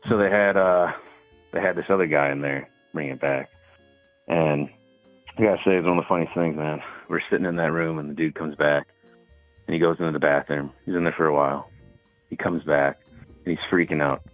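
A man, his voice very deep and thin like a tinny phone line. He tells stories in an easygoing way, padded with fillers. The sound is dry and close. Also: steady tone, a little fast, no room sound, faint music behind. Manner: laid-back storytelling with filler words. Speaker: caller. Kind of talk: casual phone call.

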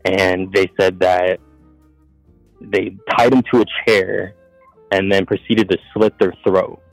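A man on a call-in show telling a long, swearing, meandering story and acting out each exchange. He speaks in a lowish voice with a dry, close sound and faint music behind. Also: fairly even intonation, slow, creaky, no echo, low-quality recording. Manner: profane, rambling, quotes others. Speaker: caller. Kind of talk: casual storytelling.

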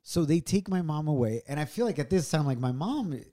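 Earnest man, mellow voice. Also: animated, a little fast. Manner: earnest, reflective, swings from low and quiet to raised. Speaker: podcast co-host. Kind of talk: personal storytelling on a couple's podcast.

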